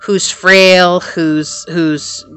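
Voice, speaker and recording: A woman's voice: fairly low pitch, fairly even intonation, drawn-out words, a bit bright, clear, resonant tone. A woman giving a casual tarot reading to camera, rambling and repeating phrases, with a sore throat. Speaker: tarot reader.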